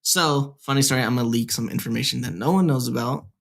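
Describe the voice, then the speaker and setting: A young man tells a story on a gaming podcast, rambling and packed with "like" and "whatever." He talks into a headset mic, his voice sitting at an ordinary middle pitch. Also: fast, gravelly, fairly bright tone. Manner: rambling, heavy filler "like, whatever". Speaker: podcast co-host. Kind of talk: casual storytelling.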